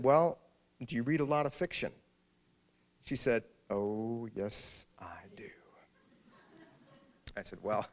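A man's voice: mid-range voice, gravelly. A middle-aged man, an author, gives a humorous public talk and tells a wry, self-deprecating story. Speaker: author speaking at an event.

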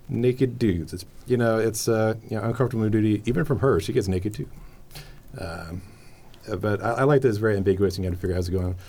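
A man hosts a casual library podcast, chatting fast in a fairly low, darkish voice. He rambles enthusiastically, full of fillers.

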